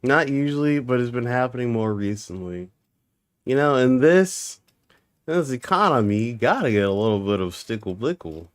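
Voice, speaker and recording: A man's voice: medium pitch, lively intonation, normal speed. Young man, livestream chat, rambling, jokey nonsense words, medium voice. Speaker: streamer.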